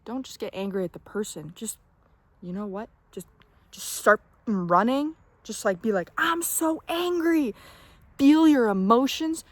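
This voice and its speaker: In a slightly high voice with no echo, a young woman gives a casual motivational talk to camera, offering emphatic self-help advice. She cusses freely, drops to a whisper at times and frequently asks "okay?".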